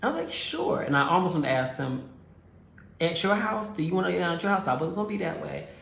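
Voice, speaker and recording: A woman's voice: lowish voice, fast talker, gravelly, a bit bright. A woman telling a relationship story and giving advice straight to her listeners, acting out both sides of the conversation. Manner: direct, addresses listeners as girls and honey. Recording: roomy echo.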